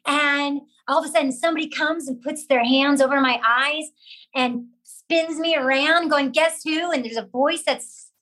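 Woman telling a showbiz story, lively, acts out the voices, a bit high. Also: moderate pace, poor audio. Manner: lively, acts out other people's lines. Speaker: actress telling a career story. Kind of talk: animated storytelling with acted quotes.

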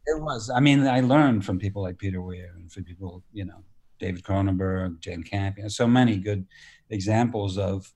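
A man in his sixties with a fairly low voice tells stories from his film career at an easy pace. He slips into the voices of people he quotes and now and then swears lightly. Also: normal speed, a little mellow. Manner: storytelling, acts out quoted dialogue, mild profanity. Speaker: actor and director, guest. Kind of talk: relaxed anecdotal interview talk.

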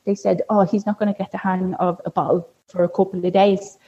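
A woman with a breathy, husky voice and a warm, dark tone tells her story in a candid, chatty way. She leans on filler words as she talks. The recording sounds dull and lo-fi. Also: medium pitch, level tone, a little fast. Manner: chatty, heavy use of "like" fillers. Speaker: podcast guest sharing a birth story.

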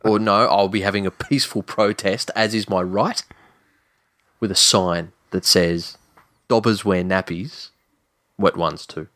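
Deep-voiced, blunt man. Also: fairly even intonation, a little slow, pushed and bright, no echo. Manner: blunt, heavy swearing. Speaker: podcast co-host. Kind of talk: casual chat.

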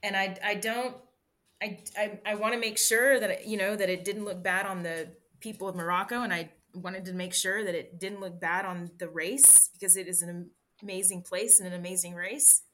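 Bright-voiced woman telling her story. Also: medium pitch, steady tone. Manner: halting, frequent restarts and fillers. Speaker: interview guest, bikepacking racer. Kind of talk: candid personal storytelling.

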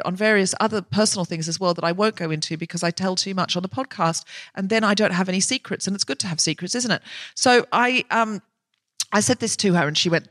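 A woman hosts a live comedy podcast and rambles through funny stories about herself. She talks in a casual, self-deprecating way. Her voice sits in a middle pitch and sounds dry and close to the mic. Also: quick pace, a bit bright, dry recording. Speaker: podcast host. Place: live recording on stage in a London venue.

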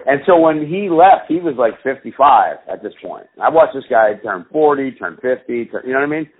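Husky, foul-mouthed man telling stories. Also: mid-range voice, lively intonation, fairly quick. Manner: swearing, rambling storyteller. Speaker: podcast co-host. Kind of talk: profane casual chat. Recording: tinny phone-like sound.

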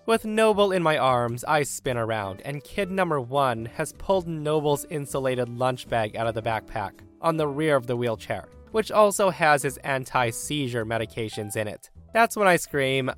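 Mężczyzna czytający historię w równym tempie. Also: male voice, medium pitch, lively intonation, moderate pace, few pauses, fairly bright tone, faint music behind. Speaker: narrator. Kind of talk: reading a Reddit story aloud.

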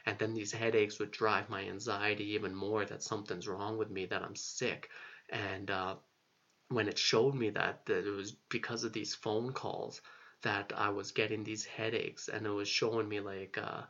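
Gravelly young man rambling through a story. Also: lowish voice, flat delivery, moderate pace, a bit bright. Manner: rambling, heavy on fillers, swears casually. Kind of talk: personal storytelling monologue. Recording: dull lo-fi recording.

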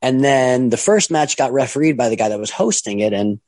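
A man's voice: medium pitch, lively intonation, fairly quick, a little mellow, no room sound. A middle-aged man, a wrestling promoter and trainer, telling a long casual story in a rambling way and acting out the voices of the people in it. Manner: rambling, acts out quoted voices.

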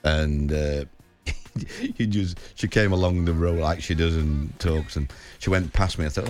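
A man's voice: a bass voice, moderate pace, a little mellow, faint music behind. A man in his seventies with a Sheffield accent, chatting as a radio guest, rambling and telling anecdotes. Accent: Sheffield, Yorkshire. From England. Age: 70s. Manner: chatty and rambling, with dialect grammar. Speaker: football manager guest. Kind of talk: casual radio chat.

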